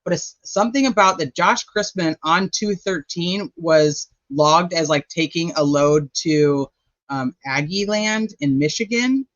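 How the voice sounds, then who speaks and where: Chatty man with a higher voice. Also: animated, a little slow, a bit bright, no room sound, dull audio. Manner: chatty, rambling, thinking aloud while checking notes. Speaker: true crime channel host. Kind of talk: casual livestream commentary.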